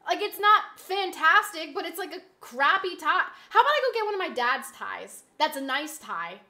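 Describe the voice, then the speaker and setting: Brash young woman streamer, bright high voice, mouthy banter with chat. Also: very animated, moderate pace. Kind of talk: casual livestream chat.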